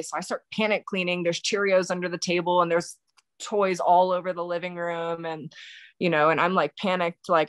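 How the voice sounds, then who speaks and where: A woman telling a painful personal story as a podcast guest, halting and full of fillers and restarts, still in shock. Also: fairly low pitch, fairly even intonation, no room sound. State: recounting shock and grief. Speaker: birth worker.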